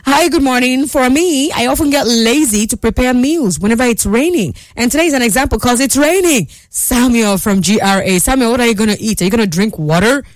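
A woman's voice: fairly high pitch, fairly quick, hardly any pauses, no echo. Playful female radio host, dry studio sound. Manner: playful, laughs often, animated exclamations. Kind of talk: lively radio chat reading listener messages.

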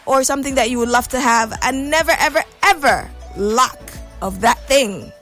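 A woman's voice: high voice, normal speed, fairly bright tone, soft background music. A woman hosting a morning radio phone-in, bubbly and playful, teasing callers and sometimes slipping into a sing-song lilt. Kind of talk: lively morning radio call-in chat.

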